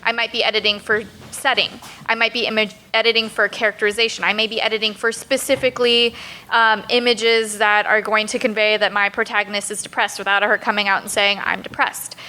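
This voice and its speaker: Bright, methodical woman panelist. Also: medium pitch, level tone, a little fast, rough recording. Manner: methodical, lays out steps in order. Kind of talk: panel talk.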